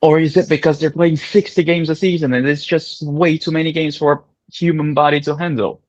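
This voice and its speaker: Blunt sweary guy on a call, a bit high, dry muffled audio. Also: little pitch movement, a little fast, a little mellow, no room sound. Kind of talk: casual fan-stream chat.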